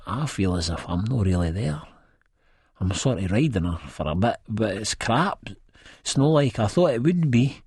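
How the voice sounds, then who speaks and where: A man's voice: deep voice, breathy edge, no room sound, studio quality. A man with a Scottish accent narrating an audiobook in first person, in a mumbling, hesitant way.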